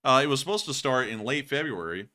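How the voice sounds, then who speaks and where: A man's voice: medium pitch, expressive, quick pace, pushed and bright. A man hosting a livestream news chat, answering viewer questions in a rambling, conversational way with a sore throat. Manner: rambling, conversational, many fillers. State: sore throat, about to cough. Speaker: host.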